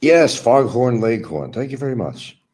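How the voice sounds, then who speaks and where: A man's voice: mid-range voice, sing-song, normal speed, a little mellow, slight background noise. A man hosting a stream, giving a combative, mocking monologue aimed at absent rivals. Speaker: livestream host. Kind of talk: ranting monologue.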